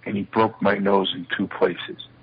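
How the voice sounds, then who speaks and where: Older male guest telling stories, low husky voice, slightly dull interview audio. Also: unhurried. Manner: animated storyteller acting out quoted dialogue. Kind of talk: shoot interview storytelling.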